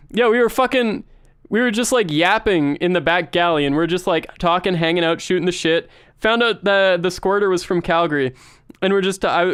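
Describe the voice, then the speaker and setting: A man telling stories casually on a livestream, animated and profane, often laughing. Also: a little high, clear, resonant tone, no echo, studio quality. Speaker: streamer.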